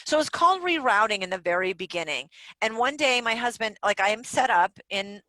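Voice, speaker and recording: A woman guest on a podcast, telling stories in a candid, animated way and swearing freely. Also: fairly high pitch, a little fast, no room sound, low-quality recording. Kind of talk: casual interview chat. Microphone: home recording setup.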